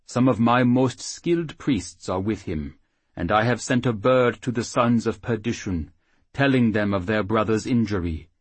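A man voicing a small, solemn male halfling high priest who speaks formally and slowly. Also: husky, no room sound. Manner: formal, grave, slow.

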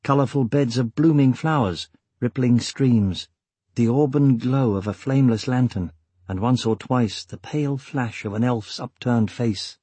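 Husky male audiobook narrator. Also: medium pitch, no echo. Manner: steady, measured reading. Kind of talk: scripted fantasy narration.

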